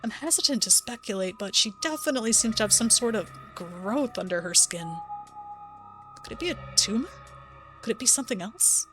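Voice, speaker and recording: A woman's voice: fairly high pitch, lively intonation, brisk, fairly bright tone, soft background music. A woman voicing a young female video blogger, talking to her viewers in a presenter style.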